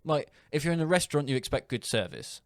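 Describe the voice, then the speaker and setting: A man's voice: on the high side, very animated, quick pace, dry recording, studio quality. A young man hosting a casual podcast, rambling through anecdotes and laughing often. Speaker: podcast host. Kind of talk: casual chat.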